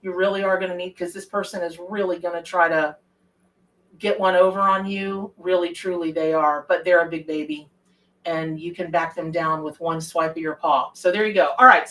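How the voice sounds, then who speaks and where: A woman's voice: on the high side, fairly bright tone, far from the mic, low-quality recording. Chatty woman reading tarot. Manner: chatty, folksy, greets viewers by name. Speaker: tarot reader hosting a live stream. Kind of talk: casual live tarot reading.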